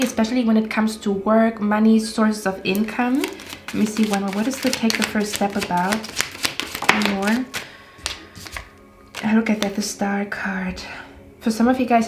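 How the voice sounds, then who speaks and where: A woman giving a casual tarot reading, chatty and reassuring, often checking in with "okay?". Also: on the high side. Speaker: tarot reader. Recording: roomy echo with faint music.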